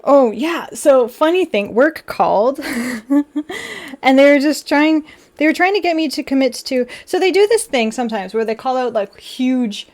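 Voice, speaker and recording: A young woman streamer chatting casually while building a model kit, animated and full of quoted back-and-forth. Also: high-pitched, a little slow. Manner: chatty and animated, with frequent laughs and quoted dialogue.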